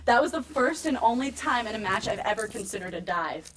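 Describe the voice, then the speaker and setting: A woman in her thirties tells stories in a casual interview, acting out what people said with sudden jumps in her voice. She sits a little back from the mic, with faint noise behind her. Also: brisk. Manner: animated, acts out quotes with big pitch jumps. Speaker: wrestler, interview guest. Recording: slightly distant mic, faint room noise.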